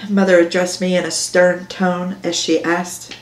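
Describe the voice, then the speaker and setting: A woman author narrating her own novel in a measured first-person storytelling manner. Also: fairly low pitch, level tone. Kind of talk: audiobook narration on camera. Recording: roomy echo.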